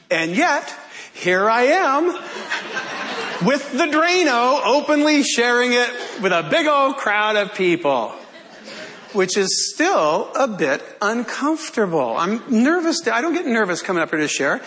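A man's voice: sits high, very animated, a little slow, a bit bright. A male pastor preaching to his congregation, telling a self-deprecating personal story with humor.

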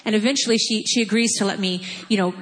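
A woman in her forties telling a personal mission story in an earnest, halting, emotional way. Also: medium pitch, steady tone, a bit bright, in a large hall. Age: 40s. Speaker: mission trip speaker. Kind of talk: personal testimony.

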